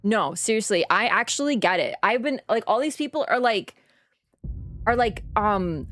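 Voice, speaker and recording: A woman's voice: mid-range voice, normal speed, soft background music. A young woman streaming a game, chatting casually and ranting with lots of fillers and swearing. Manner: animated, swears freely, rants with many fillers. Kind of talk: casual livestream chat.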